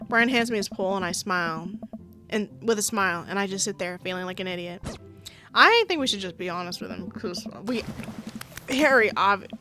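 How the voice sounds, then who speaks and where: Excitable young woman gaming streamer. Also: mid-range voice, brisk, faint music behind. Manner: playful and excitable, laughs often, swears, yells at the game. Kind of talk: casual let's-play commentary reading game text aloud.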